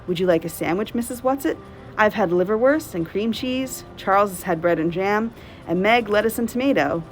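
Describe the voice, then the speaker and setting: A calm, practical mother, brisk and lightly reassuring, as a woman reader voices her. She speaks a little higher than the reader's own voice. It is a storybook read-aloud. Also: a little hiss or hum, close to an everyday voice.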